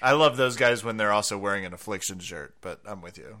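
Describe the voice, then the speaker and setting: A man's voice: fairly low pitch, fairly quick, pushed and bright. A man co-hosting a podcast in casual chat, teasing and laughing along. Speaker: podcast co-host.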